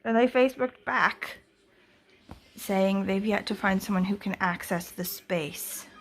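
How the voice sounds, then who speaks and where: A woman's voice: medium pitch, unhurried. A young woman in a casual book vlog, talking in a chatty, rambling way, full of "like" and "you know". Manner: chatty, rambling, heavy use of "like". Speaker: book vlogger.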